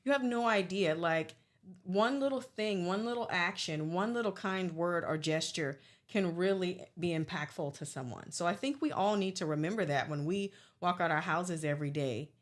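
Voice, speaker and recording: A woman's voice: on the low side, expressive, normal speed. A woman hosting a podcast, chatting earnestly and calling her guest "girl". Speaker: podcast host; salon owner. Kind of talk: casual chat.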